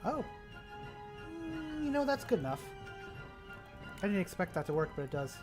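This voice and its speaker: A man's voice: on the high side, very animated, a little fast. Male map maker, casual mumbled commentary, thinks aloud, faint music and typing behind. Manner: mutters and thinks aloud, trailing off. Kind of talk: casual commentary while working.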